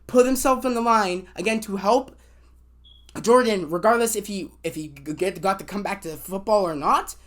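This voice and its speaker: Rambling, excitable woman reviewer. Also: medium pitch, normal speed. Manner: rambling, many fillers and restarts, swears when annoyed; excitable, acts out quotes. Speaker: TV show reviewer. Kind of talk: casual spoiler review rant.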